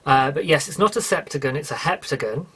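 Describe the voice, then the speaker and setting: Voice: medium pitch, lively intonation, quick pace, fairly bright tone, breathy edge. Rambling British podcast host. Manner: rambling, self-correcting, apologetic, chatty. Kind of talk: casual solo podcast chat.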